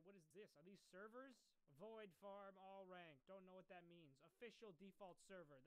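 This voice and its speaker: A man hosting a gaming video with jokey, exclamatory commentary that swings from loud outbursts to mumbled asides. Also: high-pitched, clean tone, low-quality recording. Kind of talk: energetic let's-play commentary.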